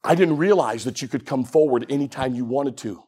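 A man preaching a sermon, telling a story with animation and swinging from hushed tones up to shouting. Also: mid-range voice, brisk, slightly rough.

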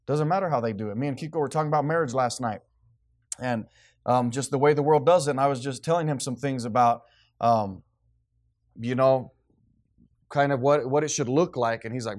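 A man's voice: mid-range voice, a little mellow. Man preaching a casual church sermon. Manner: reads scripture slowly and deliberately, then talks casually with laughs. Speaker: pastor.

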